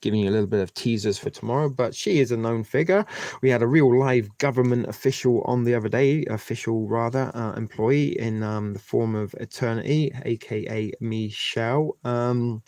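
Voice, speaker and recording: A man's voice: medium pitch, normal speed, a little mellow, dry recording. A man hosting a live stream, talking to his viewers in a rambling, chatty way. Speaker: livestream host. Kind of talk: casual live-stream chat.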